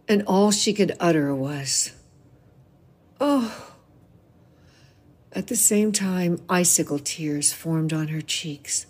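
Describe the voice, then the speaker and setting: A woman in her seventies, a novelist, expressively reading a passage from her own book aloud. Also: on the low side. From United States. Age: 70s. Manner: expressive storytelling reading with voiced quotes.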